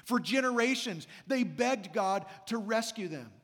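A man's voice: high voice, animated, unhurried, fairly bright tone, big-room sound. A man preaching a sermon as senior pastor, emphatic and repeating his key phrases, in a church sanctuary.

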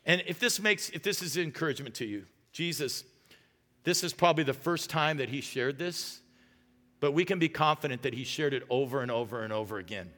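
A man preaching a sermon as pastor, earnest and pleading, dropping to a hush when he prays. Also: fairly high pitch, a little fast, in a large hall. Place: church auditorium.

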